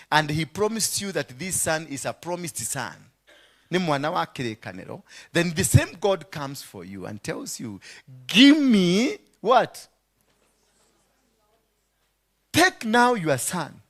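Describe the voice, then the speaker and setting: A Kenyan man preaching a sermon, dramatic, swinging between hushed asides and shouts, dropping into Swahili phrases. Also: a little high. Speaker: apostle preaching.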